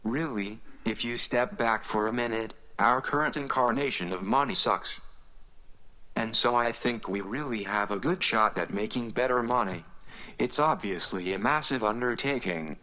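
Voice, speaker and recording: A synthetic male voice reading a prepared conference speech in a flat, robotic monotone. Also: medium pitch, moderate pace, rough recording. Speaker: conference speaker.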